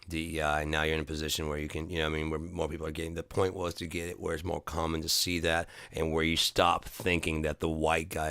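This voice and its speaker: A man's voice: extremely low pitch, fairly bright tone, clean tone, dry recording, studio quality. A man talking in a rambling, profane, casual monologue, telling stories from his own life. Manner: profane, storytelling, jumps between topics. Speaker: vlogger.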